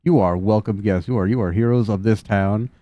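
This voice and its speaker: A man's voice: on the low side, fairly quick, warm tone, no room sound, muffled recording, close to an everyday voice. A man voicing an anxious fey woman villager who stammers and gushes. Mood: grateful. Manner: breathless, stammering, gushing.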